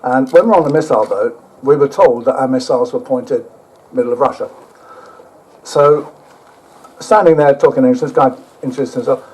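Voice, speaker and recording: An older man giving a rambling travel talk with slides, halting often and dropping blunt, sweary asides. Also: medium pitch, a little mellow, rough recording. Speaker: guest speaker.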